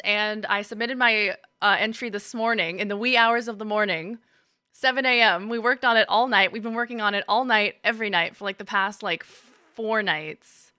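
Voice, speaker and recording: In a dry, studio-quality recording, a young woman with a medium-pitched, sharp but clean voice speaks at normal speed. She's casually chatting while streaming a game, greeting viewers by name and laughing often.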